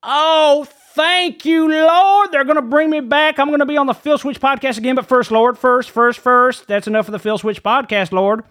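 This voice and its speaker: Man doing a reverend, very high voice, rambling comedic prayer, says "Lord" constantly, stumbles over words. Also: fairly even intonation, moderate pace, few pauses, a bit bright. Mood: fervent. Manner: says "Lord" after nearly every phrase, trips over his words. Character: excitable rambling male reverend. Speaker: guest preacher character. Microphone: studio dynamic mic.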